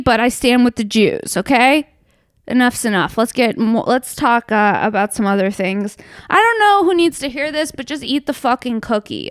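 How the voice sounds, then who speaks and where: A woman's voice: high voice, dry recording, studio quality. Brash, profane young woman comedian. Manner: brash, profane and playful, swinging from hushed asides to loud outbursts. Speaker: comedian hosting her own show. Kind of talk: casual comedic monologue.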